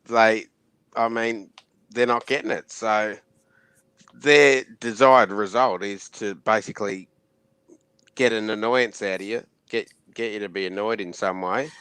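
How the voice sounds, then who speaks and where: A man speaks calmly and deliberately as a panel guest, reasoning out loud at an unhurried pace. His voice is smooth and clear, with a dry, close sound. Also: on the low side, no room sound, low-quality recording. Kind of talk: casual chat.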